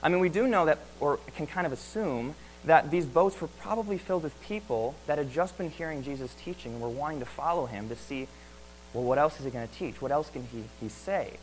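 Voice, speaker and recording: A man's voice: on the high side, expressive, fairly quick, slight background noise, poor audio. A man preaching a sermon in an earnest way, asking many rhetorical questions and often repeating words.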